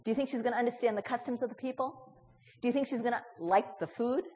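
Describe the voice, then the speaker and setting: A woman's voice: on the high side, fast, darkish tone, long reverb tail. A woman preaching a storytelling sermon, asking her listeners many questions and voicing the characters in the story.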